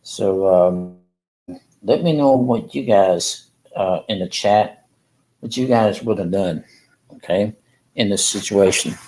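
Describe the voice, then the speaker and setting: A man rambling and halting through a casual livestream chat from a room in a rehab facility. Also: on the low side, darkish tone, low-quality recording. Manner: halting, rambling, repeats himself.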